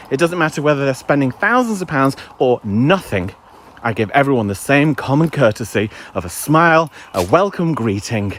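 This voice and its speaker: Chatty man, animated delivery, livestreaming outdoors from a handheld phone. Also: a little high, slight background noise. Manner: chatty, ranting, playfully crude. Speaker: vlogger livestreaming a dog walk. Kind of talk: casual chat while walking. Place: outdoors in woods.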